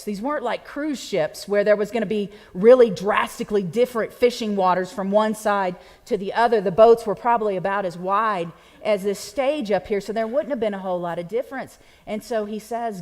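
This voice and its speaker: A woman's voice: mid-range voice, normal speed, darkish tone. A woman pastor, preaching a sermon in a conversational, playful way and speaking directly to her congregation. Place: church sanctuary. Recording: long church reverb.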